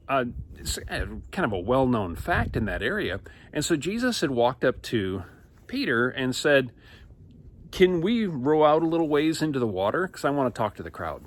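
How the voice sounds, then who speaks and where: A man leads children's church, telling a Bible story with plenty of voices and sound effects. His pitch swings widely as he acts out the scenes, and his voice sits in an ordinary middle register. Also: a bit bright. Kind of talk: animated Bible storytelling for kids.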